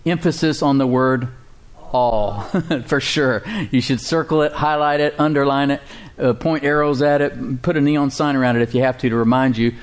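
Man, preacher, sermon, conversational, asks for amens, middle pitch. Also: fairly even intonation, fairly quick, clear, resonant tone. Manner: conversational preaching with call-and-response and chuckles. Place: church congregation.

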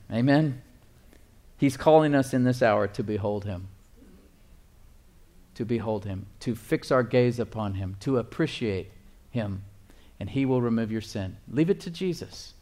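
A male pastor preaching a sermon, emphatic, repeating phrases and reading scripture slowly. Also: mid-range voice, a little mellow.

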